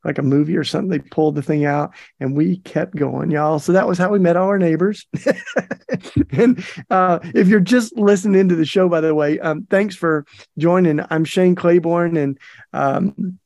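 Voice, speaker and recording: A man's voice: fairly high pitch, moderate pace, creaky, darkish tone, dry recording. A middle-aged man hosting a podcast, telling a story in a chatty, folksy way with plenty of fillers. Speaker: podcast host. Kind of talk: casual storytelling monologue.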